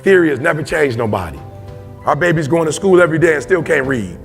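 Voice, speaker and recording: A man with a notably high speaking voice delivers a motivational speech, pressing his points with emphatic personal stories and calling out to his listeners. Soft music plays faintly underneath. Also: lively intonation, fast, gravelly. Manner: emphatic, personal storytelling with audience call-outs.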